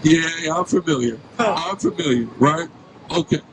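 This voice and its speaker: A man's voice: a little high, animated, moderate pace. A man preaching outdoors on a city street, questioning passersby and repeatedly asking "right?". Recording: street noise and traffic.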